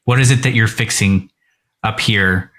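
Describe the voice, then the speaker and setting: Thirties guy hosting a podcast, kinda low voice, earnest, swears casually. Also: a little slow, fairly bright tone. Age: 30s. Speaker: podcast host. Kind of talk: casual interview chat.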